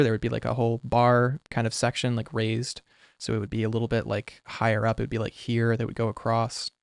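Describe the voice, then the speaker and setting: A man's voice: mid-range voice, clear, resonant tone, no echo, studio quality. A young man talking casually on a livestream while he sketches, rambling with lots of "like" and restarts. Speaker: artist streaming.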